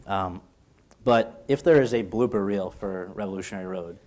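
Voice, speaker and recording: A man's voice: low-pitched, moderate pace, a little mellow. A man interviewing an actor at a university event, asking questions and chuckling along with the stories.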